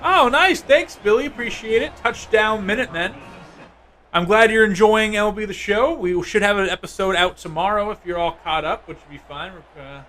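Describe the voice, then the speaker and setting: A man streaming a football video game, giving casual, excitable play-by-play and chatting with viewers. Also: high voice, moderate pace, a little hiss or hum. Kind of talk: live gameplay commentary.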